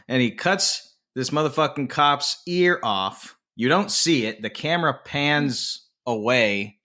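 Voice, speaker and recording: A man co-hosting a casual film podcast, retelling a movie scene in animated detail with plenty of swearing. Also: mid-range voice, unhurried, few pauses. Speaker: podcast co-host.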